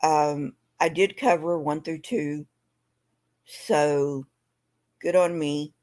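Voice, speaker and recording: A woman's voice: low-pitched, fairly even intonation, darkish tone. A sleepy, yawning woman with a slightly sore throat, reading scripture aloud on a live stream and then signing off in loose, chatty talk. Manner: plain and unhurried, drops into loose chatty fillers.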